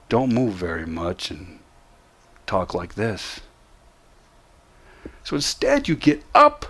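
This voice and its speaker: A man teaching how to manage depression, talking straight to the listener with emphatic, repeated short commands. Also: medium pitch. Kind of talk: motivational teaching talk.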